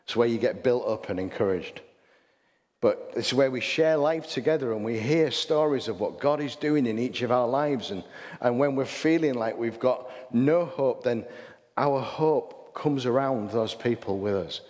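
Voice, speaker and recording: Speaking at a moderate pace in a mid-range, darkish voice, a Hull-accented pastor preaches a chatty sermon. He leans on rhetorical questions and restarts, and the recording has long hall reverb.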